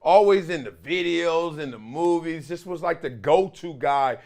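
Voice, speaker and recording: A middle-aged man hosting his own show, telling stories in a lively commentary monologue and acting out quotes of other people. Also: on the high side, a little slow. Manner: storytelling with acted-out quotes of teammates. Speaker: show host.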